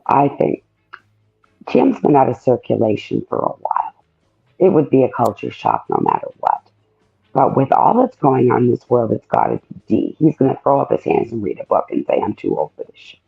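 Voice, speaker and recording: Brief: male guest, very gravelly and husky, wry and blunt, dull muffled audio. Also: medium pitch, wildly swooping pitch, moderate pace, faint music behind. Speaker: panel guest.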